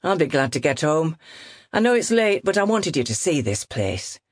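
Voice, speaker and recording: A woman narrator voicing a brisk, offhand male estate agent in an audiobook. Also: sits low, sing-song, no room sound, studio quality, pitched above the performer's own voice. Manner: brisk and breezy. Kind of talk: audiobook character reading.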